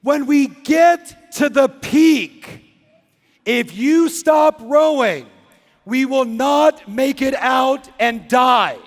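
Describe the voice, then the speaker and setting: Guy putting on a little rafting guide lady screaming orders, super high and shrill, big hall echo behind. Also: drawn-out words, soft background music, full character voice. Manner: screaming commands. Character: tiny fierce female rafting guide barking orders. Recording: long reverb in a big hall.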